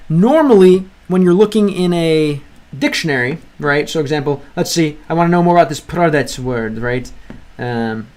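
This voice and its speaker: A man giving casual commentary while playing a game, chatty and full of restarts, reading lines aloud and translating them. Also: a little high. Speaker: language-learning gaming creator.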